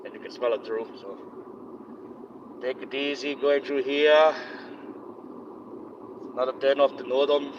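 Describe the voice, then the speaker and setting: A man live-streaming while driving on a highway, giving rambling, opinionated commentary in a put-on accent. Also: steady tone, a little slow, pauses often. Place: inside a moving car on a highway. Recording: dull lo-fi sound with road noise. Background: engine and road noise.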